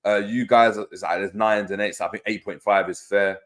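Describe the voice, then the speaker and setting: A man's voice: lowish voice, steady tone, normal speed, a bit bright. A man hosting a casual live stream, laughing often, bantering in slang and reading viewer comments aloud. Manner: slangy banter with many fillers. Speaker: host of a fan live stream.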